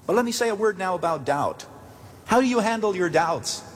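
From a church sanctuary pulpit, a pastor preaches with earnest storytelling that builds to emphatic questions. His voice sits high, lively in intonation and a little fast, with long hall reverb around it.

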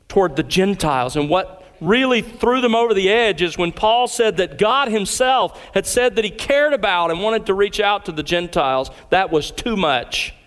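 A man preaching an expository sermon as pastor, earnest and deliberate in his phrasing. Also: high-pitched, long reverb tail.

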